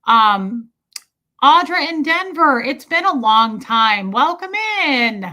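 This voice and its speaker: A woman's voice: fairly high pitch, lively intonation, slow, bright, forceful tone. A woman hosting a casual livestream, telling a rambling story and often breaking off to greet viewers in the chat. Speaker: content creator hosting a livestream.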